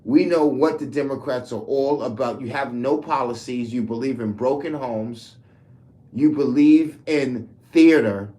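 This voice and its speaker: A man's voice: mid-range voice, moderate pace, few pauses, darkish tone. A man ranting heatedly to camera, profane and rambling. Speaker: commentator. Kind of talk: political rant to camera.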